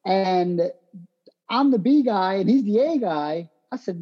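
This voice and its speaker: A man, a boxer giving brash, animated answers in an interview. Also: high-pitched, a little slow, husky, dull audio.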